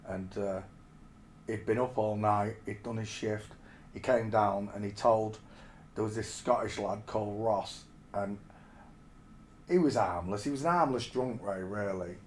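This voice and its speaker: A man's voice: lowish voice, a little slow, slight background noise. A man in his forties from England, telling rambling stories in casual chat and calling the listener mate. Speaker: streamer.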